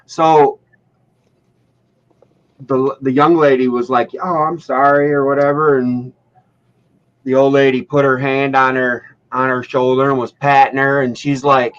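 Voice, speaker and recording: A man in his thirties casually telling a long, profane joke as if it were true, with a rambling, deadpan build-up. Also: medium pitch, unhurried, long pauses, smooth. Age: 30s. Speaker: storyteller. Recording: dull lo-fi sound.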